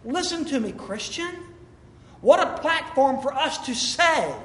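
High-voiced preacher in an echoey hall. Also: male voice, lively intonation, a little slow, pushed and bright, a little hiss or hum. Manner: emphatic, with rhetorical questions. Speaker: pastor. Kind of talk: sermon. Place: church sanctuary. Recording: echoey hall, faint room ambience.

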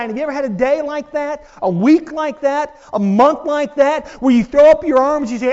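High-voiced preacher swinging from hush to shout. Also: male voice, normal speed, few pauses, dull audio. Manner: dramatic preaching, swings from hushed to loud and high-pitched. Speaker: pastor. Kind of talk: sermon. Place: church sanctuary.

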